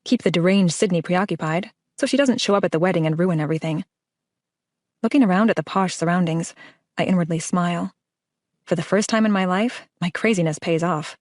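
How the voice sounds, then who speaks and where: A woman's voice: on the low side, a little fast, a little mellow, no room sound, clean studio sound. Woman narrating a wry first-person audiobook. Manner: wry, conversational.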